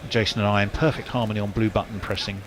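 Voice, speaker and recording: Wry low-voiced male cricket commentator. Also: fairly even intonation, racing, noisy background. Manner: wry, chatty, wordy. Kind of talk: ball-by-ball radio commentary.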